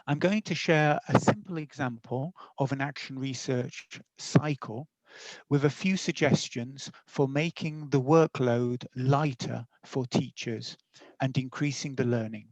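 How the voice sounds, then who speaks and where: A man's voice: mid-range voice, measured pace, no echo, low-quality recording. A middle-aged man, a teacher educator, presenting a webinar in a friendly, explanatory way with small fillers and self-corrections, over a video call mic.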